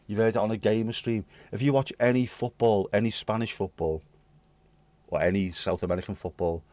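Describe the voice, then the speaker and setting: Speaking in British English, this UK livestream host chats casually with his live chat, reading messages with cheeky rambling, swear words and jokes. He has a low, slightly mellow voice, and the recording is dry.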